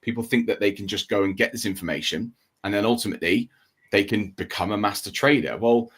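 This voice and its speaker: A man co-hosting a trading livestream, explaining in a steady casual way and checking in with "okay?" and "right?". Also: on the low side, fairly quick, husky.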